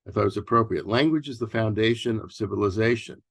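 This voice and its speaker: A man in his sixties from New York City giving a relaxed workshop talk as a therapist, mixing advice with personal stories and often pausing on fillers and restarts. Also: on the low side, gravelly, slightly rough, dry recording, clean studio sound. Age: 60s. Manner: loose and conversational, with many fillers and restarts. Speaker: workshop presenter, family therapist.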